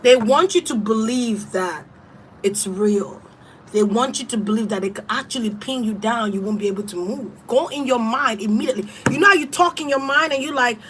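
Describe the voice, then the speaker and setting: Woman, tarot reader, blunt and profane, emphatic, a bit high, faint hiss behind. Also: brisk, fairly bright tone, rough recording. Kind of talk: casual spiritual advice.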